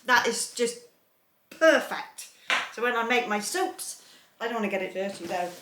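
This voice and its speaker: A woman's voice: a little high, lively intonation, normal speed, roomy sound, noisy background. A woman vlogging as she unboxes a gift, chatting casually, gushing and laughing often. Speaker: soap maker vlogger.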